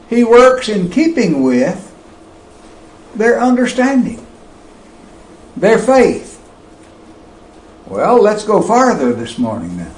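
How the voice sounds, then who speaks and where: A man preaching a sermon, slow and emphatic, with wide swings of pitch and loudness. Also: wildly swooping pitch, roomy sound, rough recording.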